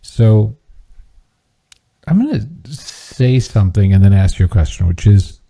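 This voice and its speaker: A man's voice: lowish voice, expressive, unhurried, creaky, mellow. A man from Texas, a podcast guest in casual interview chat, speaking in an easygoing way.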